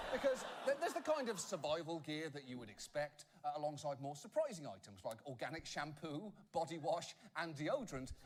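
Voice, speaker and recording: A British man hosting a satirical news comedy show, delivering a sarcastic monologue full of quick jokes. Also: sits high.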